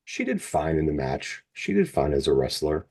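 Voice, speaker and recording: Deep husky middle-aged man, halting. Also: huge pitch swings, a little mellow. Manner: halting, repeats words, plain-spoken. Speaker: podcast co-host. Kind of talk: casual wrestling chat, reading results.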